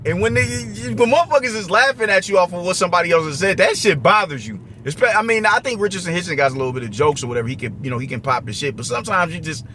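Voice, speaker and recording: A man's voice: high-pitched, lively intonation, very fast, few pauses, sharp tone, slight background noise. A young man giving a casual, profane, slang-heavy commentary rant about boxing. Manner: profane, slangy, restless and repetitive.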